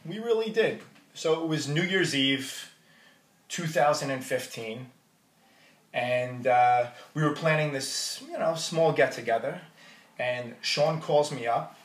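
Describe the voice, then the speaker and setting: Giving a wedding toast, a man warmly tells jokey stories about the groom. His voice is on the high side and he speaks slowly, picked up from a distance in a roomy hall.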